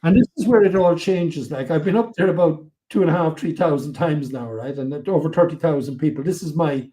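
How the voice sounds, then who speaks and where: An older man with an Irish accent, telling his life story as a podcast guest, animated and acting out voices. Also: a little high, brisk. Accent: Irish, Cork. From Ireland. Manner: animated, acts out quotes, swears freely. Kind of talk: storytelling interview.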